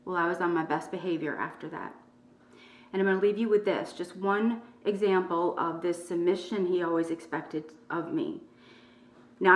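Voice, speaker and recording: A middle-aged woman hosting her own channel, speaking softly and in a measured, strained way while telling her story and reading from her book. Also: lowish voice, reverberant, far from the mic. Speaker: YouTube channel host. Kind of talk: personal testimony, partly reading from her book.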